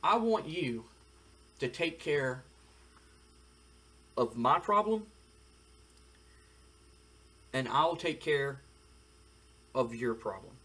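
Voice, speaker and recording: A man's voice: a little high, animated, slow, bright, forceful tone, full character voice. A man voicing a scheming, middle-aged male wrestling boss who bargains and placates. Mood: bargaining.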